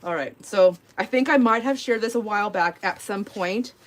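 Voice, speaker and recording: A woman's voice: mid-range voice, moderate pace. Giggly, rambling woman host at home. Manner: rambling, giggly storytelling with many fillers. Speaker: live-stream crafting host. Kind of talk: casual chat while crafting. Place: home craft space.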